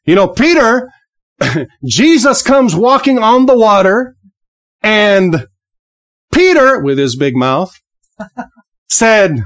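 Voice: mid-range voice, big pitch swings, slow pace, long pauses. A preacher giving a fervent podcast sermon, rising and falling for emphasis, with praise exclamations and repeated words. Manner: repeats words, laughs briefly.

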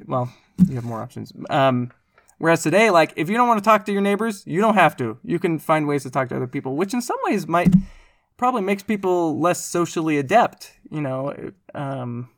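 A young man hosting a casual podcast discussion, thoughtful and halting, with many fillers and restarts. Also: a little high, animated, a bit bright, dry recording, studio quality. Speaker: podcast host.

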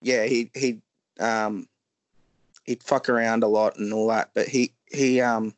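A man's voice: lowish voice, steady tone, unhurried, dry recording. A man, a guest on a podcast, talking casually in a rambling, blunt, profane way with many fillers.

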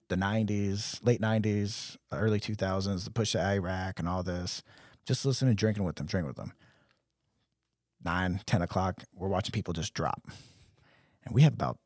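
A man's voice: fairly low pitch, a little mellow, no echo, clean studio sound. A young man telling stories in casual podcast chat, acting out quotes in different voices. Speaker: podcast co-host.

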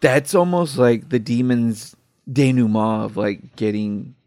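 A man co-hosting a casual movie podcast, excitable and profane, often laughing. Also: mid-range voice, a little slow, no room sound. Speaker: podcast co-host.

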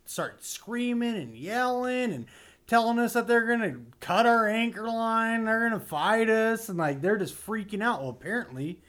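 A man with a high voice that swings widely in pitch, telling a story in casual podcast chat. He is lively and laughs easily as he talks. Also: moderate pace.

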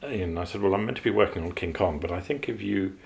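A man's voice: low-pitched, quick pace, vocal fry. A man, an animator, telling long stories about his work in an interview, with many fillers and restarts. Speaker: animator guest. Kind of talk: interview storytelling.

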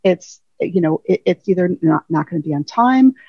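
A woman's voice: on the low side, animated, moderate pace, breathy edge, no room sound. A woman guest talking casually in an interview, filling her thoughts with "you know" asides, over a remote call. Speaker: guest payroll leader. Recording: dull lo-fi remote audio.

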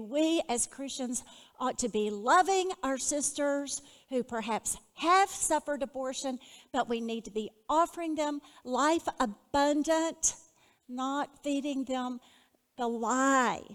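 A woman teaching a Bible lesson in an earnest, measured way, putting questions to her listeners. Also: on the high side, in a large hall.

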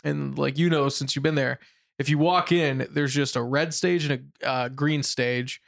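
A young man, chatting casually on a show and telling animated stories about his weekend, acting out his friends' voices. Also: medium pitch, moderate pace, vocal fry. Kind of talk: casual chat.

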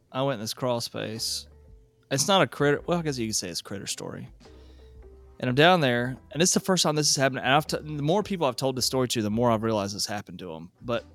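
A man in casual podcast chat, telling a work story at an ordinary pitch. He is animated and self-deprecating, laughing as he goes. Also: a little fast, faint music behind. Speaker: podcast host, HVAC technician.

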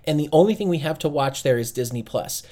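A man's voice: on the high side, animated, fast talker, dark tone. Rambling man in easygoing chat. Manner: rambling, many fillers and restarts. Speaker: podcast co-host. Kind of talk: casual chat.

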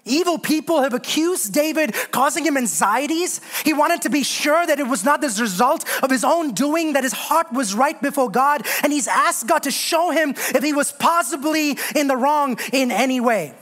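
A man's voice: expressive, moderate pace, hardly any pauses. Preaching man with humorous asides. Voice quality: swings from loud preaching to low, quiet asides. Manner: humorous storytelling with self-deprecating jokes. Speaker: pastor. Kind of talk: sermon.

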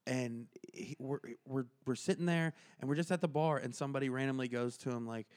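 A man's voice: mid-range voice, fairly quick, hardly any pauses, a little mellow. A man co-hosting a comedy podcast, telling a bar story in casual chat and quoting people in exaggerated voices. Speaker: podcast co-host.

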